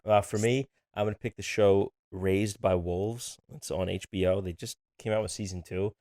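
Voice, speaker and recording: A man's voice: lowish voice, steady tone, normal speed, a little mellow, no room sound, clean studio sound. A man co-hosting a podcast, chatting casually and joking with his partner. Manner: laid-back, joking. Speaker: podcast co-host. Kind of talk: casual chat.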